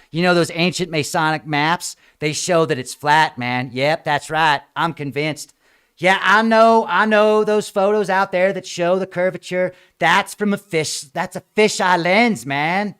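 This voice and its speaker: A man mocks wild theories in a sarcastic rant, jumping between loud outbursts and low asides. His voice is smooth and clear and sits a little high. He sounds like a casual host. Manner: mocking, animated, switches between loud and quiet. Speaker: show host. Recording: small room with green screen.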